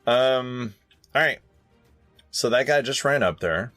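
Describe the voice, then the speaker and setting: A man running a tabletop game as game master, animated and quick to laugh. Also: medium pitch, no echo, soft background music. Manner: animated, laughs often, voices monsters in short quotes.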